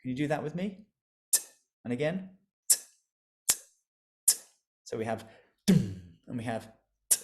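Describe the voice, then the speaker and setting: A man's voice: medium pitch, animated, moderate pace, pauses often, noisy background. A man leading an interactive online music lesson over a video call, encouraging and playful, laughing often as he leads the group in call-and-response.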